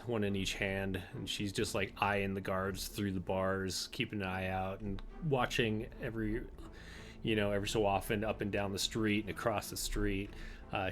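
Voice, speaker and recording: A man narrating a tabletop game as game master, in a loose, chatty way. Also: fairly low pitch. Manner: loose and conversational, many fillers.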